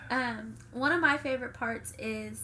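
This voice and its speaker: A woman's voice: a little high, moderate pace, sharp tone, a little hiss or hum. A woman co-hosting a podcast with her husband in casual chat, chatty and laughing easily. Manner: chatty, laughs easily, recalls scenes with the host. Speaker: co-host, the host's wife.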